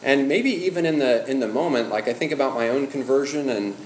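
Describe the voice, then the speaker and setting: A man's voice: medium pitch, a little fast. Man teaching a church class in an echoey room. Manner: conversational, asks the room questions, tells personal stories. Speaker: pastor teaching an evangelism class. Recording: roomy hall with faint background hum.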